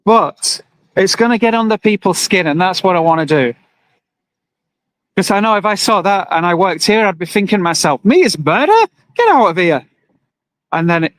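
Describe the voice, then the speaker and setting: Male livestreamer, higher pitch, earnest and emotional, outdoor phone stream by a road. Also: a bit bright, no room sound, rough recording. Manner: earnest, emotional, talks to viewers and reads comments aloud. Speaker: livestreamer at an animal rights vigil. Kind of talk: live-streamed casual monologue. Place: outdoors by a roadside with passing trucks.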